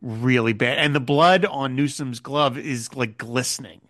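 A slightly slow, medium-pitched man co-hosts a podcast, giving an animated, casual recap of a TV episode. Quoted scenes get acted out in character. The sound is studio quality, free of room sound.

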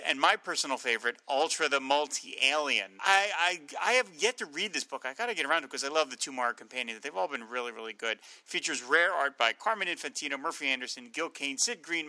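A male podcast co-host chatting casually, often pausing on fillers and laughing. His voice sits a little high and sounds very bright. It is recorded dry and close with no room sound. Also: no room sound, rough recording.

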